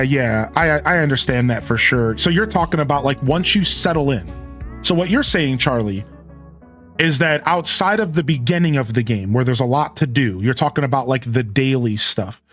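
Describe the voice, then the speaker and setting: A man's voice: mid-range voice, a bit bright. A man streaming live, chatting in a rambling, casual way and answering his chat.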